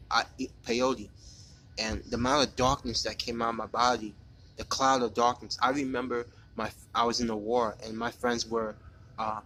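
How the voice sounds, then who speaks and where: A man in a personal spoken monologue, talking in an earnest, halting way with many restarts and repeated words, defiant when he speaks straight to a critic. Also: medium pitch, bright, forceful tone, a little hiss or hum, poor audio.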